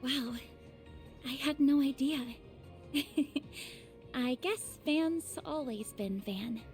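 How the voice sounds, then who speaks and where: A woman voicing an earnest, shy young woman student in a game, gentle and easily flustered. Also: sits high, drawn-out words. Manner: gentle, flustered when teased. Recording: game audio with faint music.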